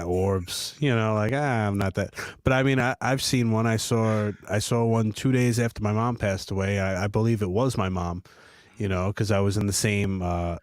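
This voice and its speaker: Man, podcast host, lowish voice, laid back, dry close sound. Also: no echo. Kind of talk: casual chat.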